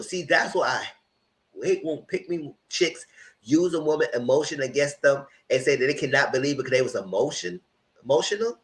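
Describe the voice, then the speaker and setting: A man's voice: a little high, brisk, low-quality recording. A man hosting a live vlog, ranting with heated, emphatic and profane commentary. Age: adult, past graduate school. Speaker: vlog host.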